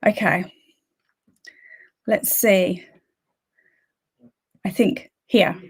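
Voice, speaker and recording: A woman's voice: mid-range voice, fairly even intonation, very slow, breathy edge. A woman hosting a casual livestream, greeting viewers by name and chatting about her plans. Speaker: livestream host.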